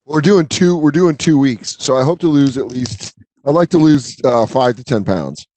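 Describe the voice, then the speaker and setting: A man's voice: medium pitch, normal speed, mellow, no echo. A man co-hosting a comedy podcast, joking around and laughing often in casual banter. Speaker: podcast co-host.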